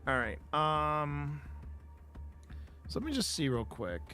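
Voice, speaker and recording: Male stream host, slightly high voice, loose rambling banter, soft music in the background. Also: very animated, takes it slowly. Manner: rambling, self-interrupting, playful banter with chat. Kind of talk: casual live stream chat.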